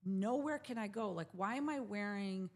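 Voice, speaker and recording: A woman's voice: medium pitch, normal speed. A woman in her forties, a jewelry brand founder, telling her story in a casual interview and acting out the voices of the people in it. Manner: animated, acts out quoted voices.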